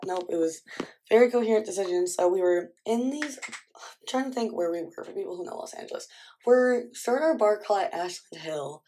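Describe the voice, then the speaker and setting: A woman's voice: lowish voice, warm tone. A young woman in her twenties chatting casually to camera at home while getting ready, rambling with lots of "like". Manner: chatty, rambling, heavy use of "like". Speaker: vlogger. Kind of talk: casual chat.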